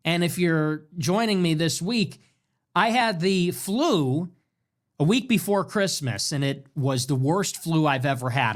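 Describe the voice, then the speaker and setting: A man hosting a ranting political talk show. He talks in an animated way and swings between loud bursts and muttered asides. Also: a little high. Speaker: show host.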